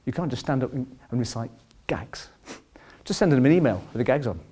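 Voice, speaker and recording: A chatty man tells a personal story in a lively, up-and-down voice. His tone is husky and breathy. He mocks himself as he talks. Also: medium pitch, fairly quick. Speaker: speaker telling his story. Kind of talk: casual storytelling talk.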